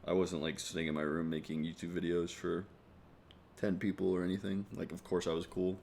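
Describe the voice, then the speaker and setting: Young male YouTuber, deep voice, sarcastic rambling comic commentary. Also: little pitch movement, brisk, vocal fry, darkish tone. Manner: sarcastic, rambling, swears freely. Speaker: comedy YouTuber. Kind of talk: casual comedic commentary.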